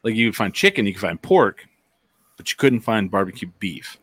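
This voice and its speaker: A man's voice: on the low side, big pitch swings, moderate pace, a bit bright, slightly rough, dry recording. A man chatting casually on a podcast, rambling and full of filler words. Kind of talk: casual chat.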